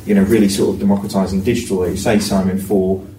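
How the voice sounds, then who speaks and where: A man's voice: low-pitched, level tone, fast talker, warm tone. A man co-hosting a podcast in casual panel chat, rambling with lots of fillers. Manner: rambling, filler-heavy, self-deprecating. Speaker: podcast co-host. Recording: echoey room, distant mic, faint noise.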